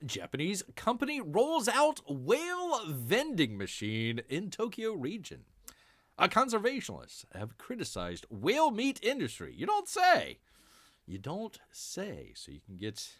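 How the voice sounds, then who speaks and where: A man's voice: a little high, fairly bright tone, no room sound, clean studio sound. A man hosting a casual livestream, joking and sarcastic, calling himself by his nickname in third person and addressing the audience as "people". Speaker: livestream host. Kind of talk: casual livestream news chat.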